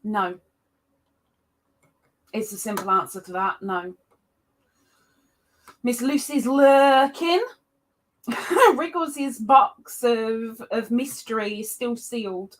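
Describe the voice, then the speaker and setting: A woman hosting a casual livestream chat, greeting viewers by name with excited jumps in her voice. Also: a little high, takes it slowly, pauses often. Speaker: livestream host.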